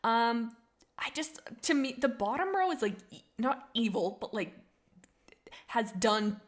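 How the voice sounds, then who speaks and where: A woman's voice: fairly high pitch, lively intonation, measured pace. Chatty young woman streaming live. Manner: chatty, reads chat messages aloud, thinks out loud. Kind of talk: casual livestream chat.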